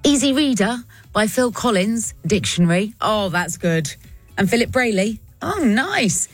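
A woman's voice: medium pitch, sing-song. Playful radio presenter woman, faint music. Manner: playful, chuckling, quick asides. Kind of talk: radio call-in segment, reading listener puns.

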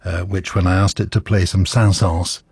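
A man's voice: deep voice, flat delivery, normal speed, vocal fry, darkish tone, breathy edge, dry recording. A man presenting a radio show in a studio, chatting casually on air in a hesitant, wry way, full of fillers and restarts.

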